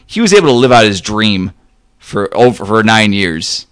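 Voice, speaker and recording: A man talks sports in a loose, rambling way, stacking up fillers as he goes. His voice sits a little low. The sound is dry and close, with no room around it. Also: very animated, normal speed, a bit bright, clear, resonant tone, no echo. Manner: rambling, full of filler words. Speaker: podcast co-host. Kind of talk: casual sports banter.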